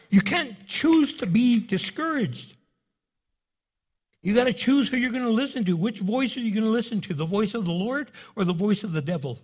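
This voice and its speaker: A middle-aged male pastor preaching an animated sermon, acting out quoted voices as he goes. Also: extremely high pitch, moderate pace.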